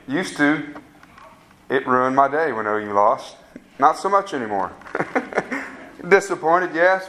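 A man's voice: on the high side, sharp tone, a little hiss or hum. A man preaching a sermon, conversational and asking the congregation questions. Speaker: pastor.

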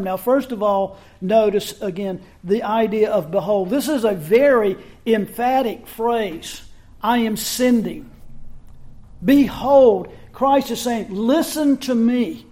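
A man's voice: sits high, a little mellow. A man preaching an expository sermon in a church, emphatic and given to restarts. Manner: emphatic, with frequent restarts and shifting pace. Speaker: pastor. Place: church sanctuary.

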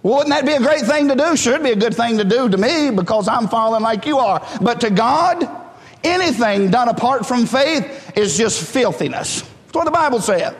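Pastor, male, high tenor, fervent call-and-response preaching, reverberant church hall. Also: expressive, normal speed. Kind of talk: sermon. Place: church sanctuary.

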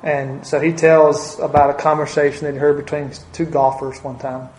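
A man's voice: fairly high pitch, flat delivery, moderate pace, darkish tone, slight background noise. A man preaching a sermon in a church, talking earnestly with folksy asides and repeated phrases for emphasis. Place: church sanctuary. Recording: roomy church reverb.

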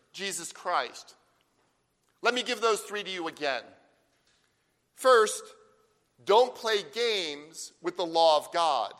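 A man preaching a sermon, emphatic, with slow stressed phrases and rhetorical questions. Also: sits high, fairly bright tone. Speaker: pastor. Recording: long hall reverb.

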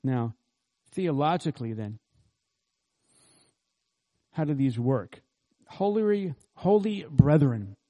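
A man's voice: a little high, animated, slow pace, long pauses, dark tone. A man pastor preaching an expository sermon, earnestly teaching and asking the congregation rhetorical questions.

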